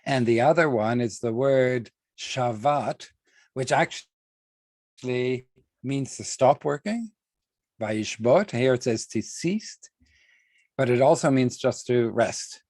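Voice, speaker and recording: A man leads an online class over a video call, speaking at an unhurried, measured pace. He often repeats and restarts words and leans slowly on key terms. His voice is mid-pitched and the sound is dry, with almost no room echo. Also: darkish tone. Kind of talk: online lecture with screen sharing.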